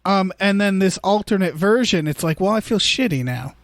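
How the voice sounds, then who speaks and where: A man's voice: high voice, animated, moderate pace, no room sound, clean studio sound. A man co-hosting a podcast, rambling casually about a film and acting out quotes in funny voices. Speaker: podcast co-host. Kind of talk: casual movie discussion.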